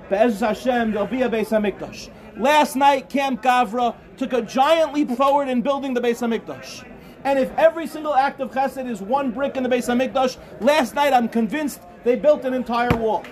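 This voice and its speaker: A man, a rabbi, telling a story in a sermon to students and building to impassioned exhortation. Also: extremely high pitch. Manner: animated, rising to impassioned exhortation. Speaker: rabbi giving a talk to yeshiva students. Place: study hall at a summer program.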